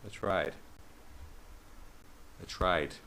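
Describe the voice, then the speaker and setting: A man's voice: low voice, extremely slow, pushed and bright, a little hiss or hum, poor audio. A man hosting a podcast, telling rambling, sweary stories in a casual monologue.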